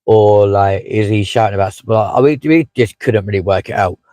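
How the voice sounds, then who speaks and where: A man's voice: on the low side, moderate pace, dark tone, no room sound, low-quality recording. A man hosting a casual live stream from inside a parked car, chatting with many fillers and asides as he reads out viewer comments. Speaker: livestream host.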